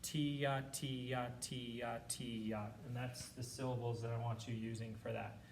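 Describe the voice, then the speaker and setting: A man's voice: medium pitch, far from the mic, background noise. A man teaching a school band lesson, explaining rhythms and chanting counts and syllables aloud for his students. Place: classroom.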